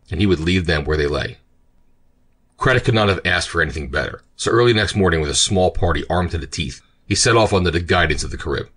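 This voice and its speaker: Guy reading an old adventure story, deep voice, kinda husky, steady even pace. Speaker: audiobook narrator. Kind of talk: scripted narration.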